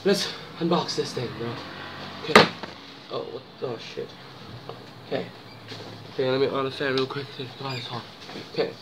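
A man's voice: mid-range voice, moderate pace, very noisy. A young man chatting casually in a vlog, slangy and playful, often exclaiming and rambling. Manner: slangy, exclaiming, hushed and breathy while eating, loud and playful when reviewing. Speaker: vlogger.

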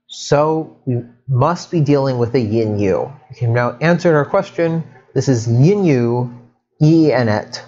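Chatty male Egyptology lecturer, slightly muffled. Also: mid-range voice. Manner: lively, chatty teaching with asides and self-corrections. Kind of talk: explanatory lecture.

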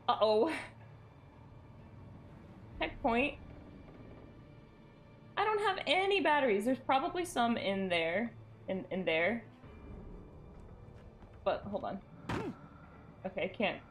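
A woman's voice: medium pitch, takes it slowly, long pauses, soft background music. A woman streaming a game live, chatting with her viewers and reacting in sudden bursts and laughter at a desk microphone. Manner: animated, jumpy reactions, bursts of shrieks and laughter.

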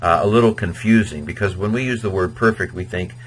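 A man's voice: sits low, a little fast, slight background noise, low-quality recording. A man teaching Latin grammar in an informal video lecture, chatty and digressive, sometimes chanting verb endings in a sing-song rhythm. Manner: chatty and digressive, with many fillers.

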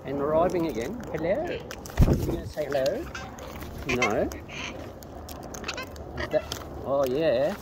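A man's voice: a little high, animated, slow, pauses often. A man feeding wild birds outdoors, chatting to them in a playful, coaxing sing-song way. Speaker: bird-feeding vlogger. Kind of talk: casual talk to birds while filming. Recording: loud background noise outdoors.

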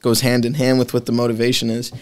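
Young guy from massachusetts rambling on a podcast, lots of likes, mid pitch. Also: monotone, fast talker, darkish tone. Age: 20s. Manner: rambling, full of "like" and restarts. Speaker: podcast guest. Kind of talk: casual chat.

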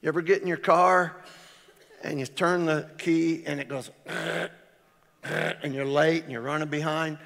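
A man pastor preaching a storytelling sermon, his voice swinging loud on exclamations. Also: a little high, steady tone, a little slow, gravelly, long pauses. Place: large church hall. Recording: reverberant church hall.

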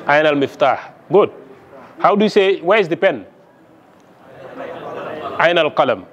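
A man's voice: fairly high pitch, animated, unhurried, a bit bright, dull audio. A man lecturing on Arabic to a class, asking the students questions and checking their understanding with frequent "okay?" along the way. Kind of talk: classroom lesson.

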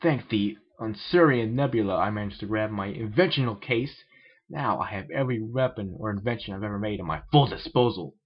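A man's voice: lowish voice, lively intonation, slightly rough, dull audio. A man doing a pompous alien inventor. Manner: stiff, formal, slow.

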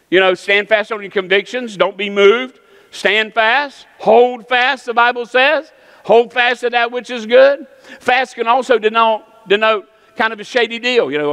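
A man's voice: sits high, bright, forceful tone. A man preaching a sermon as pastor, emphatic, calling on the congregation for amens. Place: church sanctuary. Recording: long church reverb.

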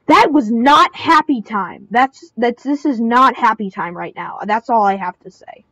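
A woman's voice: a little high, normal speed, hardly any pauses, dry recording, highs cut off. A young woman commentating her own online game, crying out in panic and repeating short phrases over and over. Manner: excitable, squealing and crying out in panic. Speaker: gameplay commentator. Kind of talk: excitable live game commentary.

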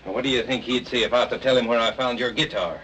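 A man's voice: medium pitch, steady tone, fast, bright, forceful tone, a little hiss or hum, close to an everyday voice, low-quality recording. A young man, playing a determined woodsman who drawls and presses hard, in a 1940s film. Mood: needling.

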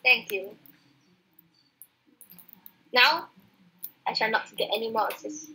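A high, very bright voice of a woman gamer, talking casually through a match. She grumbles about teammates and slips into playful, mock-formal phrasing. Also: slow, low-quality recording. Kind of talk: casual gaming chat.

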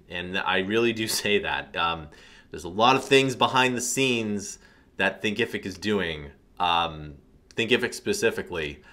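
A man in his thirties with a bright, forceful voice, talking to camera in a loose and rambling way. He uses lots of fillers and keeps asking "right?" as he makes his points. His pitch sits a little low for a man. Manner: rambling, filler-heavy, says "right?" often. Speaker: online course instructor. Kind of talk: casual commentary to camera.

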